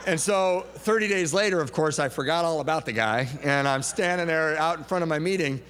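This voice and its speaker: Animated man telling his story. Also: fairly high pitch, a little fast. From United States. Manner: animated, laughing, acts out quoted voices. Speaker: recovery meeting speaker. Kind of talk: personal storytelling talk. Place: large event hall. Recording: echoey hall recording with faint hum.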